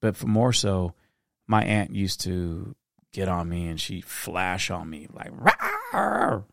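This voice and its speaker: A middle-aged man hosting a reflective solo podcast, talking earnestly in a storytelling way that turns soft-spoken at times. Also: low-pitched, steady tone, unhurried, gravelly, no room sound, clean studio sound. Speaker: podcast host.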